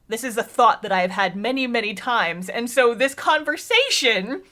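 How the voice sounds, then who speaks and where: A young woman chatting as a podcast co-host, her voice high and bright. She talks in an animated way, laughs often and drops the odd swear word. Relaxed, conversational delivery. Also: normal speed. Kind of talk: casual chat.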